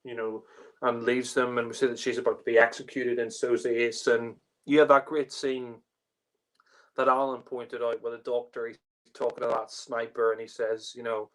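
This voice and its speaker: A man's voice: medium pitch, level tone, normal speed, fairly bright tone, poor audio. A man giving a casual spoken review, rambling with lots of fillers and restarts. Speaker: podcast panelist reviewing a TV story.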